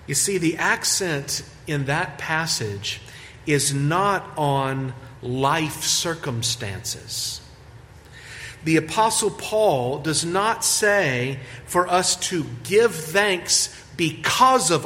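Measured man preaching in a reverberant church. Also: on the high side, fairly bright tone. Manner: measured preaching, stretching key words, rising for emphasis. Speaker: pastor. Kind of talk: sermon. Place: church sanctuary.

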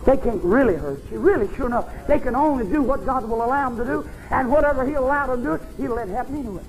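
A man preaching a fervent, folksy revival sermon at a church service, often climbing into shouts. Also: very high-pitched, fast talker, soft background music, rough recording.

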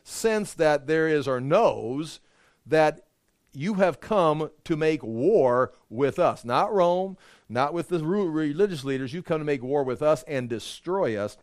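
A man preaching as a pastor, explaining scripture in a conversational, animated way with frequent restarts. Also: a little high, measured pace, dry recording, studio quality. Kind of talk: Bible study sermon.

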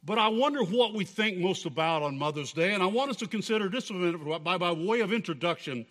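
Man pastor, sermon, deliberate, very lively inflection, church hall reverb. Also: sits high.

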